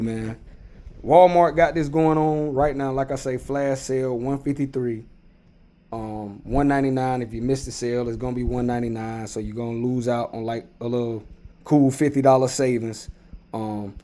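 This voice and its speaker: A young man giving a casual, animated rant while reviewing RC cars, repeating himself in exasperation. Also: on the high side. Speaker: RC car reviewer.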